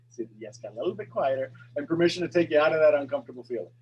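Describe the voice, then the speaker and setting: A man hosting a coaching call, talking in an energetic, encouraging way. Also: a little high, fast talker, slightly rough, lo-fi sound. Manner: energetic, encouraging, talks to the audience directly. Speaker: coaching show host.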